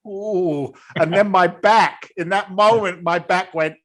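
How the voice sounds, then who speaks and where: Blunt, animated man. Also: sits high, unhurried. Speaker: guest, real estate investor. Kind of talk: casual interview storytelling.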